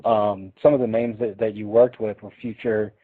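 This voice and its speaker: A man hosting a radio interview, asking questions in a halting way with small restarts. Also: lowish voice, flat delivery. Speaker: radio show host. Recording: phone-like interview line.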